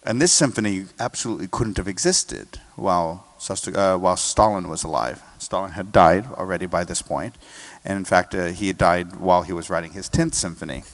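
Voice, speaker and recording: A man's voice: low voice, a little fast, few pauses. An American man, a guest conductor, explaining a symphony in an interview and singing snippets of melody to make his points. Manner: sings and hums melodies to illustrate points.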